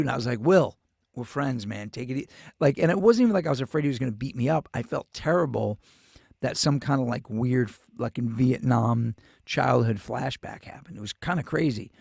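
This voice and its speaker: A man's voice: medium pitch, vocal fry, dry recording, studio quality. A male show host with a New York accent, rambling through a profane, casual monologue full of restarts.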